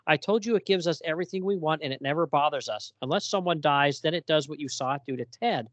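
A woman's voice: low voice, fast, no room sound, lightly acted. A man reading the lines of a weary adult woman trapped in a house, in a plain quoted reading voice.

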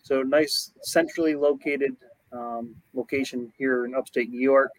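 A man's voice: medium pitch, fairly even intonation, measured pace, no echo, poor audio. Plain-talking man, hesitant. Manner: plain, hesitant with many ums. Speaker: company manager. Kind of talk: interview answers.

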